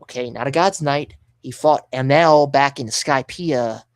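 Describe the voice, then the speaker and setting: An excitable man rambles through a live manga reaction, reading panels aloud and reacting as he scrolls. He swears mildly and corrects himself, in a mid-pitched voice. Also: measured pace.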